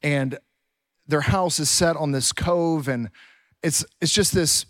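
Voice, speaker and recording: High-voiced man preaching on stage. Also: takes it slowly, dry recording. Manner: animated, vivid storyteller. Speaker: pastor. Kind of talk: storytelling sermon. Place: church stage.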